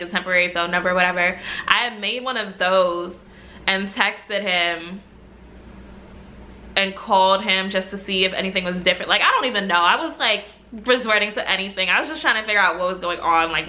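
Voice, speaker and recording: A woman's voice: mid-range voice, brisk. Chatty young woman telling a story. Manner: chatty, animated, full of "like", laughs while telling. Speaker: storytime vlogger. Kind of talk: casual storytelling.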